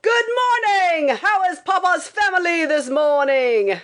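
A woman reading aloud, voicing a loud doting father who shouts sing-song baby talk at his children. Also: extremely high pitch, expressive, unhurried, voice pushed up, full character voice. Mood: shouting cheerfully.

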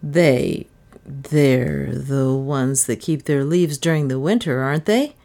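A woman's voice: extremely low pitch, vocal fry, warm tone, exaggerated voice. A woman playing a stammering young gardener. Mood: unsure. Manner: hesitant, stammering, halting. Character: nervous young man posing as gardener.

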